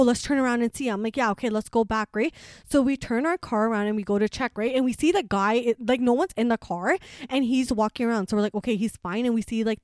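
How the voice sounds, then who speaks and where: A woman in her twenties chatting casually, telling animated stories and acting out what her family said. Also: a little high, no room sound, studio quality. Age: 20s. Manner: animated storyteller, acts out family quotes, laughs often. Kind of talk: casual chat.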